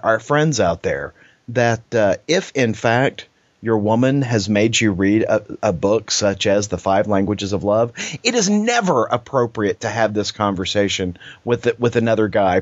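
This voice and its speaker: A man's voice: mid-range voice, dry recording, lo-fi sound. A man co-hosting a podcast, telling stories in a rambling casual way with many restarts and laughs. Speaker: podcast co-host. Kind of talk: casual chat.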